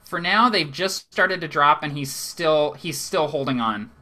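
Man, game master, bright voice, chatty, filler-heavy narration. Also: a little high, unhurried. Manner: chatty, laughs often, many fillers. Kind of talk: narrating a live tabletop game.

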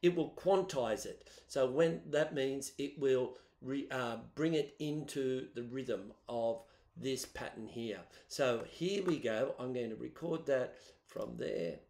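A man teaching students, explaining music software step by step in a chatty way on a laptop microphone. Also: medium pitch, slow, gravelly. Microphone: built-in laptop microphone. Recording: roomy echo.

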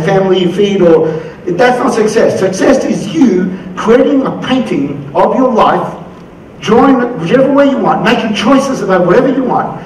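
Australian guy doing a pumped-up keynote, highish voice, big echoey hall, faint room noise. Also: distant mic. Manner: energetic, acts out quoted voices. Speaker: conference keynote speaker. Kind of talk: motivational conference talk. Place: conference hall.

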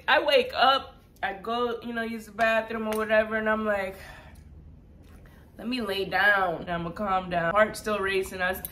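A woman co-hosting a vlog, telling a story in a lively, rambling way with frequent laughs. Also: mid-range voice, unhurried. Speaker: vlog co-host. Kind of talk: casual storytelling chat.

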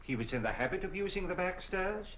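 An actor playing a calm, courteous detective who speaks in a polite, measured way. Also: male voice, sits high. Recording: muffled 1940 film soundtrack with hiss.

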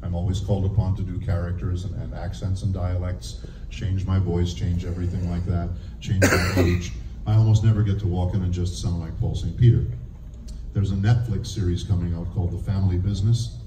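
A man who is a voice actor and speech teacher, giving a lively, demonstrative convention panel talk and laughing often. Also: low voice, fairly quick, very noisy. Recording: echoey room heard from a distance.

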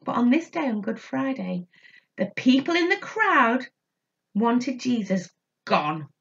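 A woman with a high, very lively voice tells a story to small children, unhurried and sing-song. Her tone is bright, and the recording sounds a little dull and lo-fi. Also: creaky. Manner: animated, sing-song, inviting children to join in. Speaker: children's church leader.

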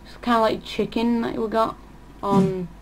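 A woman's voice: fairly high pitch, fairly even intonation, normal speed. A woman giving casual gameplay commentary for her channel, thinking aloud and often trailing off mid-sentence. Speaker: gaming channel host. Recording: audible background noise.

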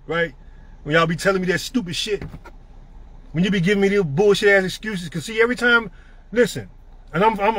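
A man's voice: high-pitched, pushed and bright, no echo. A middle-aged man giving a profane, emphatic motivational rant to his network marketing team.

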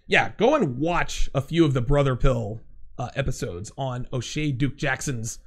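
A man hosting a livestream, reading out chat comments in blunt, profane, excitable casual talk. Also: medium pitch, normal speed.

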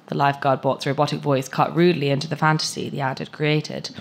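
A woman reading a short story aloud at a live event, with measured, expressive narration. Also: low-pitched, vocal fry. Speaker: story reader.

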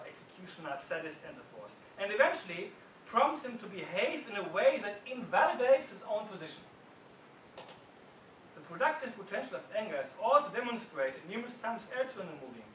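A man's voice: high voice, fairly bright tone, slight background noise. A male academic reading his essay aloud to an audience, stopping now and then for asides and restarts. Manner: reads formally, breaks off with asides, slips and restarts. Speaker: academic lecturer. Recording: roomy hall from far off.

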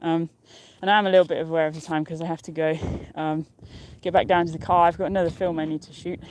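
A woman's voice: low voice, flat delivery, fast talker, a little mellow, a little hiss or hum. A young woman vlogging live from a mountain top, chatting casually and cheerfully, rambling and laughing often. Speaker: outdoor vlogger. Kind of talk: casual live-stream chat.

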